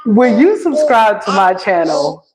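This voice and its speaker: A woman's voice: medium pitch, very animated, measured pace, over a noisy crowd, rough recording. A woman hosting a casual live stream from home, chatting with her viewers and her baby and laughing often. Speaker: livestream host.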